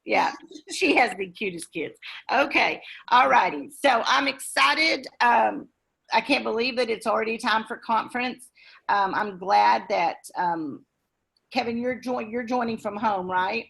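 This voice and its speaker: A woman's voice: on the high side, a little slow, vocal fry, fairly bright tone, slightly rough. A woman with a Texan accent, leading a group video call in a folksy, chatty way.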